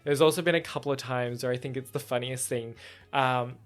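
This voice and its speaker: A young man with a somewhat feminine voice, hosting a solo podcast in animated casual chat. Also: a little fast. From Australia. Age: young adult. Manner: animated storytelling, frequent laughs, jumps into high-pitched acted quotes. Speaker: podcast host.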